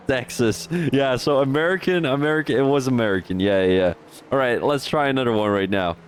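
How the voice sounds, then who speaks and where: A man giving live-stream commentary on a sim racing league, excitable, jumping up at overtakes, with many restarts. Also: mid-range voice, a little fast, slight background noise.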